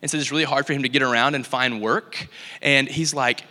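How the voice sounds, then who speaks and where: A young man giving a casual, animated story-filled talk in church, full of likes and ums. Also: mid-range voice, a little fast. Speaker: church speaker. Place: church hall. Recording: long hall reverb.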